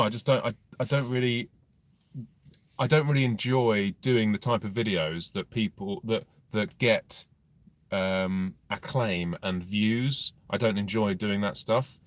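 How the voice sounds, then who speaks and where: A man's voice: lowish voice, no room sound. A man doing a casual live Q&A with viewers from inside a car, rambling and blunt, with dry humour and plenty of swearing. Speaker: motorcycle vlogger answering viewer questions.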